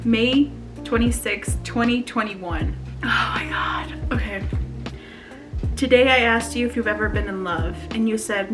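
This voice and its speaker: Chatty, emotional young woman vlogger. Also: a little high. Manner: emotional, nervous laughter, chatty. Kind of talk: casual confessional vlog, reading a journal aloud.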